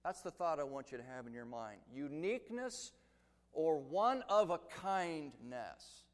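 High-voiced man preaching in a hall. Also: expressive, measured pace. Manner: builds to loud emphatic crescendos. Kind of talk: expository sermon. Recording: long reverb of a large hall.

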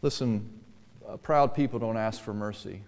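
In a reverberant church hall, a man preaches to his congregation at normal speed in a fairly low, darkish voice. His earnest delivery swells and drops for emphasis, with pleading quotes acted out.

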